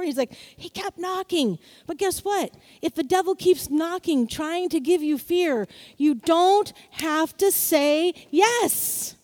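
Woman pastor, middle-aged, high voice, lively sermon delivery with acted asides. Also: a little slow. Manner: animated, playful storytelling with acted-out voices.

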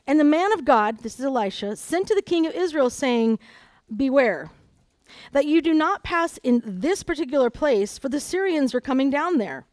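A woman with a high voice preaches a sermon, reading scripture and breaking in with animated asides. Her voice is close and dry, with no room sound. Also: normal speed, no room sound. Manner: animated, dramatizes the Bible story with voices and asides. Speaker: conference speaker.

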